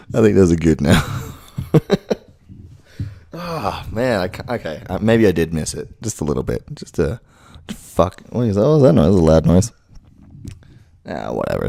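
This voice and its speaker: This impressionist YouTuber talks fairly quickly in a deep, warm voice with vocal fry and big pitch swings, rambling and cursing to himself during a casual practice session. He's in a room at home, very close to the mic, and there's no room sound.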